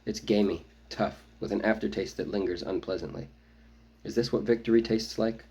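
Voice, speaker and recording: A man reading his own novel aloud, first-person audiobook narration with a measured, brooding delivery. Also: lowish voice, warm tone, slightly rough, low-quality recording.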